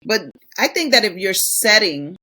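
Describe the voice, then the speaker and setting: A woman in her thirties co-hosts a casual podcast chat. She talks in a profane, animated way and drops into acted quotes mid-rant. Her voice sits at an ordinary middle pitch. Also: moderate pace. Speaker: podcast co-host.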